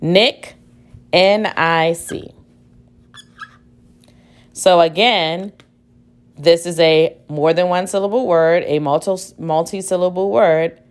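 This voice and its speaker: Her voice is fairly low, clear, and resonant as she runs a spelling dictation lesson. The teacher repeats each word deliberately before spelling it out letter by letter.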